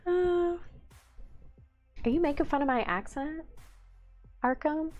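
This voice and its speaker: A tired woman with a rural Southern American accent, hosting a livestream in a relaxed chat, laughing often as she answers viewer comments. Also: high voice, slow, muffled recording, faint music behind. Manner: laughs often, chatty and easygoing. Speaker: livestream host.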